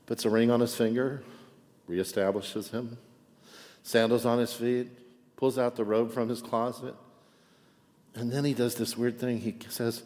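A man's voice: medium pitch, normal speed, pauses often, long reverb tail. A man preaching a sermon in a chatty way, often checking in with the congregation with "right?". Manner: conversational, frequent "right?" asides, animated. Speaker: pastor.

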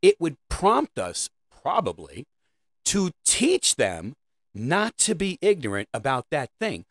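A man's voice: on the high side, wildly swooping pitch, slow pace, fairly bright tone, slightly rough, no echo. A middle-aged man delivering a rambling, sarcastic comedic monologue about parenting. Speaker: comedic host.

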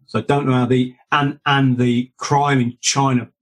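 Husky male guest, storytelling, many restarts and asides, mid-pitched. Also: little pitch movement, moderate pace. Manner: restarts and asides, self-correcting. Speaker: guest, author. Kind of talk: rambling anecdotal storytelling.

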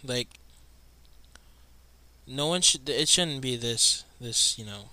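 A young man reacting live to a football game he is watching, muttering and exasperated, with sudden loud outbursts. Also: medium pitch, lively intonation, takes it slowly, no room sound. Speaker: sports fan watching a game.

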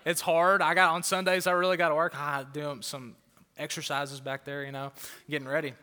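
A man's voice: on the high side, little pitch movement, fairly quick, sharp tone. A male pastor preaching a fired-up sermon to a crowd in a church auditorium, often repeating words for emphasis. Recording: long hall reverb.

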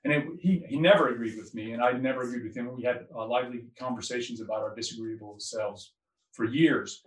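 A man's voice: medium pitch, brisk, distant mic. A man, a doctor, talking politics in a rambling way with many restarts. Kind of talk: casual political conversation. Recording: echoey, off-mic.

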